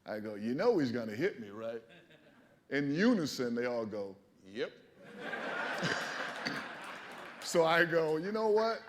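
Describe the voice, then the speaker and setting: A man in his fifties stands before a library audience and tells stories from his playing days. He talks in an animated way, laughs often and acts out his own reactions. His pitch sits in the middle range for a man. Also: takes it slowly, long pauses, a little hiss or hum. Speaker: former baseball player telling stories. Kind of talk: storytelling talk at a library event. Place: public library event hall.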